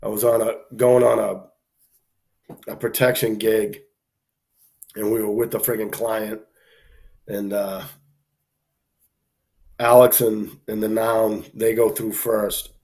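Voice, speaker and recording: A man casually telling an anecdote on a live stream, animated, acting out the people he quotes, with plenty of fillers. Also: lowish voice, slow, vocal fry, long pauses.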